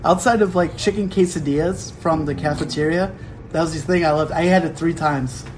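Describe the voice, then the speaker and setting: A young man hosting a casual podcast from home, telling a story in an animated way and acting out quick quotes. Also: fairly high pitch, a little hiss or hum, poor audio. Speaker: podcast host. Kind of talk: casual chat.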